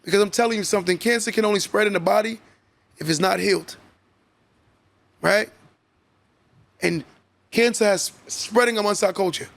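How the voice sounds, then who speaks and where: A man's voice: high voice, normal speed, gravelly, pauses often, a bit bright. A man hosting a podcast, giving emphatic, preachy motivational talk and often checking in with "right?". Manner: emphatic, repetitive, keeps asking "right?". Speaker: podcast host.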